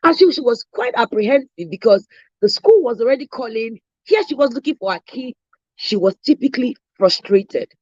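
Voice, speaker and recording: Lively woman business trainer, high bright voice, dry muffled recording, keeps tagging "right?". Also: normal speed, no room sound. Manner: animated, stressing points with repeated "right?" tags. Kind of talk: sales training talk.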